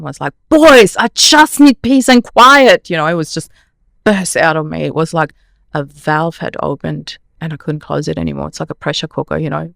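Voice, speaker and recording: A woman's voice: low-pitched, vocal fry, dry recording, clean studio sound. A woman in her forties, a podcast guest earnestly recounting a personal story with many "you know"s.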